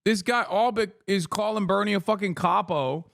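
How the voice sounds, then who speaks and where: A man's voice: sits high, normal speed, gravelly, fairly bright tone, no echo, clean studio sound. A man reacting to a video on a live stream, profane, exasperated and sarcastic.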